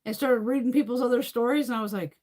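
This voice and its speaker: A woman's voice: on the high side, fast, darkish tone. A woman beauty creator chatting casually on a live stream, rambling and swearing freely while answering viewers' comments.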